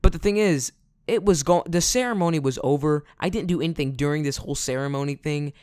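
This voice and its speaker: A man's voice: a little high, fast talker, a little mellow, smooth, dry recording, studio quality. A man telling a casual storytime in a rambling way, full of fillers. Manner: rambling, filler-heavy, "like" every few words. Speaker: vlogger.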